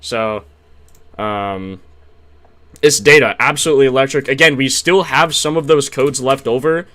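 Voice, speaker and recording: A young man live-streams, chatting casually about betting picks in an excitable, slangy way, thanking subscribers and trailing off into mumbled fillers. His voice is mid-range and his pace moderate.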